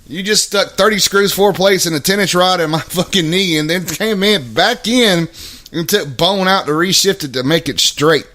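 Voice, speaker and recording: A man's voice: high voice, moderate pace, bright, forceful tone. A man hosting a casual live talk show, laughing often and swearing freely as he chats. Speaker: podcast host. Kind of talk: casual profane chat.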